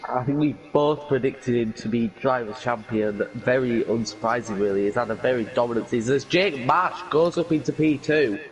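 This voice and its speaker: A man doing live commentary on a sim racing session, conversational and quick to react with exclamations. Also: medium pitch, low-quality recording.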